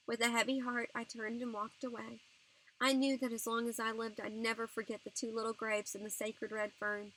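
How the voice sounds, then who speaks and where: Bright-voiced woman reading a novel aloud. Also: a little high, little pitch movement, moderate pace, a little hiss or hum, low-quality recording. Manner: gentle, earnest storytelling. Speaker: audiobook reader. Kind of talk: audiobook narration of a novel.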